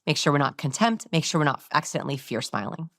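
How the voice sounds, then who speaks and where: Animated woman explaining in a dry studio. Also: sits low, fast, no echo. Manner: animated, demonstrates voices while explaining. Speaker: body language expert guest. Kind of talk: explanatory interview talk.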